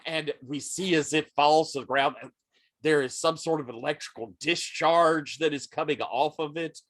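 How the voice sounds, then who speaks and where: A man narrating as game master of a tabletop game, unhurried, with frequent ums and uhs. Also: a little high, a bit bright.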